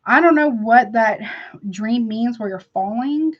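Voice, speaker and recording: A woman reads tarot for her viewers in a loose, chatty livestream, calling them honey and baby. Her voice sits fairly high, and she talks frankly with rambling asides. The recording sounds dull and lo-fi. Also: animated, a little slow. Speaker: tarot reader. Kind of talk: casual tarot reading livestream.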